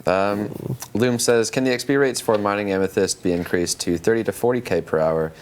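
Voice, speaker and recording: A man's voice: lowish voice, a little fast, slight background noise. A man hosting a casual live-stream Q&A, reading out viewer questions in a chatty, joking way. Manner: chatty, jokey, reads questions aloud.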